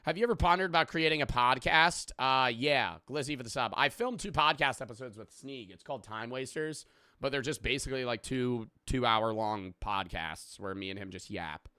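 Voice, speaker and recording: A man's voice: medium pitch, moderate pace, pushed and bright, clear, resonant tone, no room sound, clean studio sound. A young adult man chatting casually on a live stream, rambling and joking, swearing freely and thanking viewers for subs.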